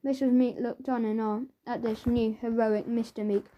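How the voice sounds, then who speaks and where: A woman narrating a children's audiobook in a playful, expressive way, on a dull lo-fi recording. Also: on the high side, normal speed, a little hiss or hum.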